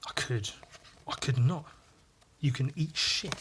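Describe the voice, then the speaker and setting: A young man with a wheezy, squeaky breath, rambling crudely and mocking himself as he draws. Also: slow, fairly bright tone, slight background noise. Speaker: podcast host drawing. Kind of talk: rambling solo chat while drawing.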